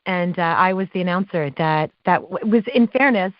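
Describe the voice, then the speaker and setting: A woman guest on an interview show, telling stories about her work as a live awards announcer, with lively quoted dialogue and frequent laughs. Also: on the low side, moderate pace, dry recording. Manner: animated, acts out quotes, laughs often. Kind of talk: casual interview storytelling. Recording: dull dry podcast audio.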